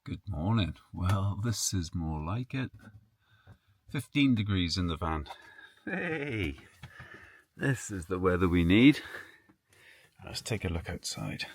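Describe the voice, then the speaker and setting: A man's voice: low-pitched, sing-song, takes it slowly, pauses often, breathy edge, no echo. A man chatting casually as he films a travel vlog beside his campervan, easygoing and full of enthusiasm. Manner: easygoing, chatty, repeats "absolutely". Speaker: vlogger. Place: outdoors beside a campervan on the road.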